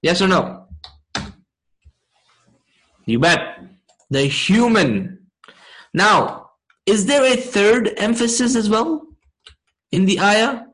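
A man teaching a class, explaining slowly and checking in with his students often. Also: sits high, animated, a bit bright, rough recording. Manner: slow, deliberate explaining. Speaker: Arabic grammar teacher.

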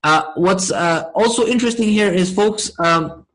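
High-voiced man teaching a class. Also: fairly bright tone, low-quality recording. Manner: asks the class frequent check-in questions, many fillers; recites Arabic verses quickly. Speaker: Quran and Arabic teacher. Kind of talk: interactive online class lesson.

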